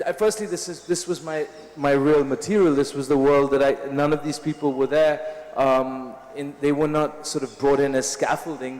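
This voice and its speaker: A man's voice: on the high side, darkish tone. A man, an author, reading from his novel and then answering questions at a literature festival, hesitant with many fillers and restarts. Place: festival hall. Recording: echoey hall with long reverb.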